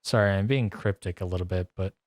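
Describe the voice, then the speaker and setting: Guitar plays behind a low-voiced man who talks quickly during a songwriting stream. His casual chat wanders and self-interrupts, punctuated by plenty of laughter.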